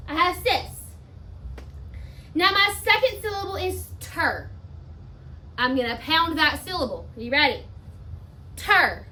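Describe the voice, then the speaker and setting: A woman with a high, bright voice leads a spelling lesson as a teacher. She talks slowly and with emphasis, breaking words into their sounds one at a time. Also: expressive, slight background noise. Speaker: elementary school teacher.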